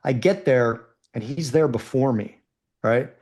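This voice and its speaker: A man's voice: medium pitch, measured pace. A man telling a long casual story on a podcast, swearing freely and acting out both sides of the conversation. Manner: animated, profane anecdotes with acted quotes. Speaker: podcast guest.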